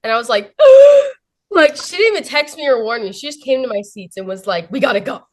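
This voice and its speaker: A young woman, a guest on an interview show, excitedly telling a story and filling her sentences with "like" and "literally". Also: a little high, fast. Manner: breathless, fills every phrase with "like" and "literally".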